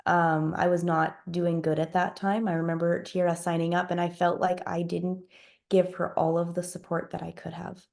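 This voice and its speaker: A woman's voice: lowish voice, vocal fry, darkish tone. A woman on a team call speaking in an earnest, reflective and encouraging way. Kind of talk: personal testimony on a team call.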